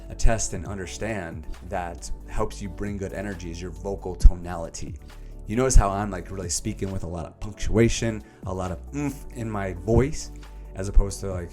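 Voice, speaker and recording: Young man, very low voice, animated casual vlog talk, faint music underneath. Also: moderate pace. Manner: animated, emphatic delivery with many fillers. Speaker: self-help book summarizer.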